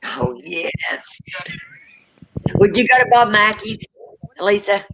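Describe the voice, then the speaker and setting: A woman's voice: mid-range voice, slow, noisy background. A middle-aged woman with a Southern accent, hosting a casual live chat and reading out viewer comments in a folksy, drawling way. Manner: folksy, drawling, calls people honey and y'all.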